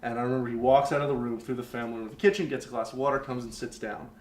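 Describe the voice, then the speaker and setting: Rapid-fire and somewhat dark in tone, this young man's mid-range voice carries a candid, filler-heavy personal story he shares in conversation on a podcast. Faint background noise and a roomy echo color the recording.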